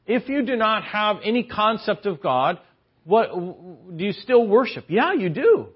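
A man preaching a sermon in a church hall, his voice high for a man and a little husky. He tells stories with lively emphasis that swings loud and soft. The recording is dull and lo-fi. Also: measured pace. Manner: animated storytelling, swings between loud emphasis and low asides. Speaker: Bible teacher.

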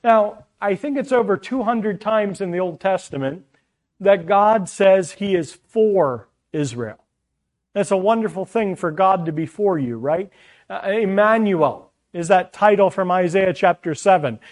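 A man's voice: high voice, animated, unhurried. A man preaching a sermon, teaching earnestly from scripture with chatty asides to the congregation.

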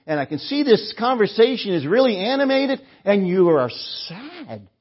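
Man doing a gentle questioning teacher, fairly high voice, breathy, lo-fi recording. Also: very animated, moderate pace, exaggerated voice. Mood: concerned. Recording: dull lo-fi recording.

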